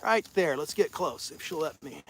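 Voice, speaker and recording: A man's voice: fairly high pitch, expressive, normal speed, a bit bright, slightly rough. A man with a Missouri accent, a rancher talking plainly and chattily with viewers in an outdoor phone livestream from his pasture. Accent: Missouri Ozarks. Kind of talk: casual outdoor livestream talk. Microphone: phone on a selfie stick.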